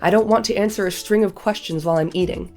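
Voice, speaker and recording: A woman's voice: mid-range voice, fast, soft background music, lightly acted. A woman with a cold reading the lines of a worried, evasive young male hobbit, terse and guarded. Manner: terse and guarded, sharp when pressed. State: has a cold.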